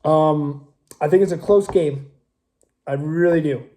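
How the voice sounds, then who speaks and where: A young man with a fairly high voice holds forth on his own show, rambling through opinionated predictions in a loose, casual manner. He circles back to his points, hedges, then commits hard. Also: a little slow, warm tone. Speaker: show host. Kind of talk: casual sports talk.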